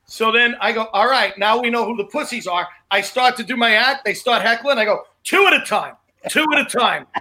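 A man's voice: very high-pitched, fairly quick, pushed and bright, poor audio. A man, a stand-up comedian, telling brash, profane stories in casual chat with other comics. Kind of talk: casual storytelling among comics.

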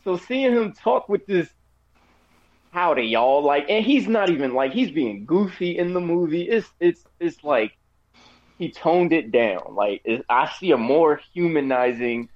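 Lively rambling man reviewing a movie. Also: on the high side, unhurried, lo-fi sound. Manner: animated, rambling, frequent fillers and restarts. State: has the hiccups. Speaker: podcast co-host giving a movie review. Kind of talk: casual chat.

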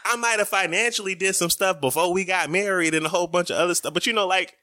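Bright-voiced laughing man on a podcast. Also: high voice, quick pace, no echo, studio quality. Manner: animated, laughing, banters with his wife. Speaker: podcast co-host. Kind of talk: casual podcast chat.

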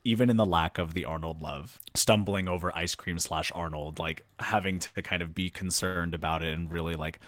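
Low-voiced man rambling casually. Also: fairly even intonation, normal speed, few pauses, fairly bright tone, no room sound. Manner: rambling, filler-heavy, laughs often. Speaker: podcast co-host. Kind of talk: casual chat.

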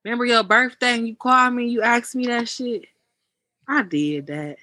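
An animated young woman tells a story among friends, jumping into the voices of everyone on the phone line. Her voice is bright and forward, and the sound is dry and close. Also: fairly high pitch, normal speed, no room sound. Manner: animated, acts out both sides of phone calls, swears freely. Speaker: podcast guest.

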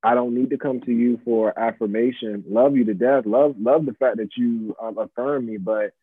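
A man in his mid-twenties, guesting on a casual interview as a pop-up shop organizer, talks in a relaxed, reflective way packed with fillers. His husky voice sits at medium pitch with a steady tone and moderate pace. The recording is dry but has a tinny, phone-line quality.

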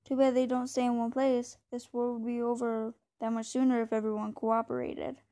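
A woman's voice: flat delivery, normal speed, warm tone, close to an everyday voice. A woman reading as a male soldier on night patrol. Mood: wry. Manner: low whispered banter.

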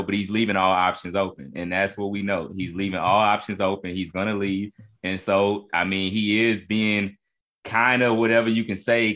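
A man's voice: deep voice, fairly bright tone. A man co-hosting a casual sports podcast, cutting in to mediate and sum up the argument. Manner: interjecting, mediating, loose phrasing. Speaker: podcast co-host.

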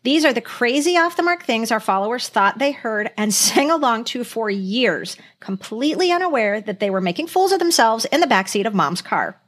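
A woman's voice: on the high side, big pitch swings, normal speed, hardly any pauses, fairly bright tone. A woman hosting a casual podcast game, laughing often and sounding exasperated. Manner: giggly, exasperated. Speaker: podcast host.

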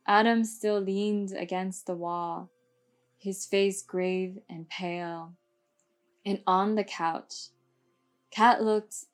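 Lady reading a trashy book out loud real slow, keeps stopping to poke fun at it. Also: medium pitch. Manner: slow, wry, stumbling over words, comments mid-reading. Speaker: book reader. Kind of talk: casual read-aloud with asides.

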